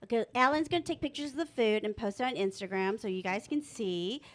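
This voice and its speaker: A woman's voice: on the high side, lively intonation, fast talker. A woman co-hosting a radio food show, casually chatting and describing each bite with enthusiasm. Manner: effusive, lingering over each bite. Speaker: co-host tasting food. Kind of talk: casual food-tasting chat.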